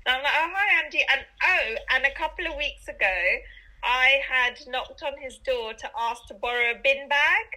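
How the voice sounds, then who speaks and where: A young woman, chatting on a video call and telling a story with lively quoted voices. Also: high-pitched, normal speed, rough recording. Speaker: co-host. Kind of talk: casual video call chat.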